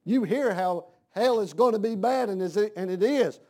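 High-voiced preacher, hushed to shouting. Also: male voice. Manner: swings from hushed to shouting, drawn-out emphasis. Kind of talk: sermon.

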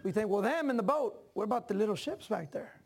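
Brief: male pastor, very high voice, lively sermon delivery with shouted peaks and chatty asides. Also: fast, vocal fry, breathy edge. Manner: animated preaching that climbs to shouts; conversational asides to the congregation.

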